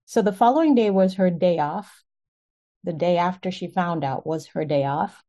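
Mellow-voiced woman telling a testimony. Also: lowish voice, moderate pace. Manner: conversational, emphatic storytelling. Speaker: prayer group host. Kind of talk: sharing a testimony in an online group.

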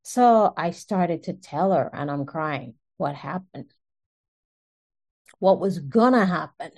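A woman telling her own story in an earnest, animated way, often breaking into short laughs. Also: on the low side, slow. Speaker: speaker sharing a personal testimony. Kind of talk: personal storytelling.

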